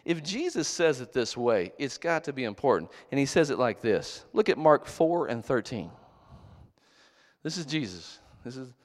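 A middle-aged man preaching a sermon as a pastor. He tells jokes and stories and shouts for emphasis. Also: medium pitch, normal speed. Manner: animated, joking storyteller who shouts for emphasis. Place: church hall. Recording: long reverb of a large hall.

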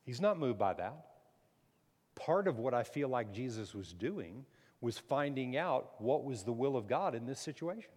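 A man preaches in a church, his voice carrying a long reverb tail through the hall. He reads scripture and comments on it, climbing to loud, emphatic peaks and then dropping low and quiet to press a point home. His pitch sits in the middle range for a man. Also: very animated, moderate pace. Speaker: pastor. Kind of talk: sermon.

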